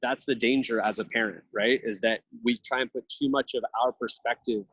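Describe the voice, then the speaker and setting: A man's voice: medium pitch, steady tone, normal speed, fairly bright tone, breathy edge, dry recording, low-quality recording. A man in his thirties, a podcast guest, talking earnestly and reflectively in long thoughtful runs. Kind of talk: casual conversational interview.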